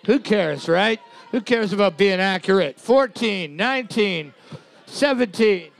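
A man's voice: sits high, expressive, measured pace, gravelly. A man co-hosting a bar trivia night, reading out scores and teasing his partner with crude jokes. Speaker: trivia co-host.

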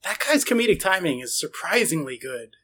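Blunt, sweary man with a higher voice. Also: big pitch swings, fairly quick, pushed and bright. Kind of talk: casual chat.

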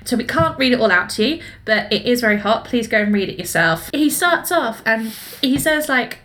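A woman's voice: fairly high pitch, animated, normal speed, a bit bright. A woman co-hosting a podcast, chatting playfully and reading passages aloud. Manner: playful, laughs often, reads passages aloud. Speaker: podcast co-host. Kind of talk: casual book chat.

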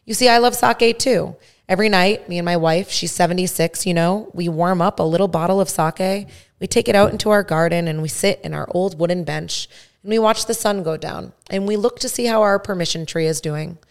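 A woman's voice: lowish voice, a little fast, close to an everyday voice. A woman voicing a tiny, beaming old man in his seventies who chats easily and kindly, read aloud in a storytelling. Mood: delighted. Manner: easygoing, kindly chatter.

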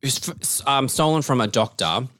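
A man's voice: medium pitch, lively intonation, moderate pace, fairly bright tone. A man co-hosting a podcast, talking through a horror film in a loose, rambling way with restarts and casual swearing. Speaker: podcast co-host.

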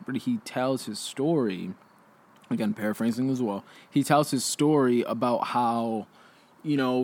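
A young man hosting a casual conversation, rambling with lots of fillers and restarts. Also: medium pitch.

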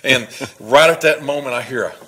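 A man's voice: medium pitch, a little fast, a bit bright, a little hiss or hum, rough recording. A man from Texas, earnestly telling his personal testimony as a guest. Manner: earnest storytelling with laughs and restarts.

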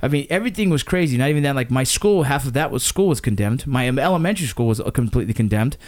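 A man in his thirties from Los Angeles, retelling a memory to his father in casual conversation, fast and animated with frequent restarts. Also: mid-range voice. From Los Angeles, USA. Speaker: son recalling a disaster with his father.

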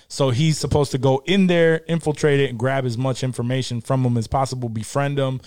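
A man's voice: medium pitch, steady tone, brisk, darkish tone, no room sound. Casual, rambling man with a dry sound. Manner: loose, profane, rambling with many fillers. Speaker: podcast co-host leading the topics. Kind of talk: casual chat.

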